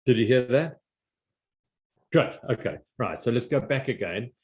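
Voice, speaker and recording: An older man giving an informal art history slide lecture, halting with many fillers and restarts. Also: mid-range voice, lively intonation, darkish tone.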